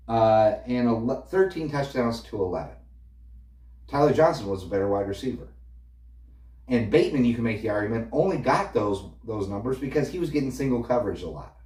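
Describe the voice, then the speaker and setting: A man's voice: medium pitch, a little mellow. A man ranting about football in a casual, opinionated and dismissive way, reeling off stats. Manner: opinionated, dismissive, stat-heavy. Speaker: sports fan ranting. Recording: echoey room, a little far from the mic.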